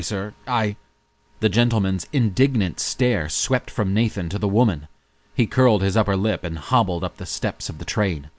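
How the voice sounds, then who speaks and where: A man reading an audiobook in measured, even scripted narration. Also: on the low side, no room sound.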